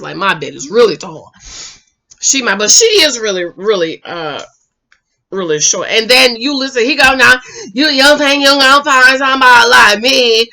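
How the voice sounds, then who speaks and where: A woman recapping a dating show in loose, chatty talk, often breaking into laughter and turning to her viewers with advice. Her voice sits a little high and sounds bright and forceful. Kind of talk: casual TV recap chat.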